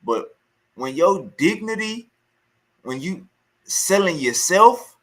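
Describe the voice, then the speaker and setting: A man's voice: high-pitched, sing-song, slow pace, long pauses, fairly bright tone. A man reacting to a clip in heated, scornful casual commentary, repeating himself as he rants. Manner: heated, scornful, repetitive ranting.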